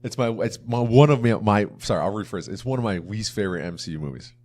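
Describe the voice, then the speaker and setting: A man's voice: fairly low pitch, fast, a little mellow, a little hiss or hum. A young man co-hosting a casual movie review chat, rambling with lots of fillers. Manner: rambling, filler-heavy, mimics movie lines. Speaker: podcast co-host.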